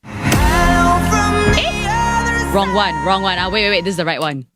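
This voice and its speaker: A woman hosting a live radio show, chatting brightly and reading out listener messages from the studio. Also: mid-range voice, wildly swooping pitch, unhurried, over loud music.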